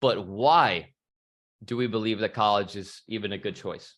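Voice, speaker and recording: A man's voice: fairly low pitch, moderate pace, a bit bright. A young man giving a fired-up motivational talk on a video call, casual and profane, full of bro slang. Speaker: motivational speaker.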